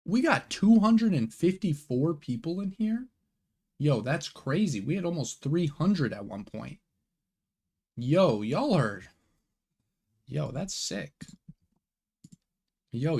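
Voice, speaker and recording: A man's voice: a little high, very animated, takes it slowly, vocal fry, pauses often, a little mellow, breathy edge. A young man hosting a live card game watch party, chatting casually in slang and answering viewer questions aloud. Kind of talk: casual live-stream chat.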